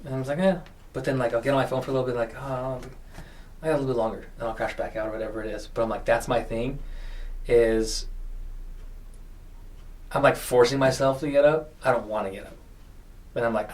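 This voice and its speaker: A man's voice: mid-range voice, fast talker, pauses often. A young man hosting a podcast in casual chat, rambling with lots of fillers and acting out quotes. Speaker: podcast host. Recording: voice distant from the mic.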